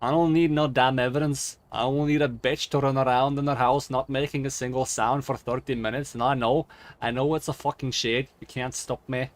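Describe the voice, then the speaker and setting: Man voicing a brash swearing ghost hunter, loud show-off game persona. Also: medium pitch, steady tone, fairly quick, natural voice. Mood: boastful. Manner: boastful, profane and loud. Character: brash cursing male ghost hunter, boastful. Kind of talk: gaming stream commentary.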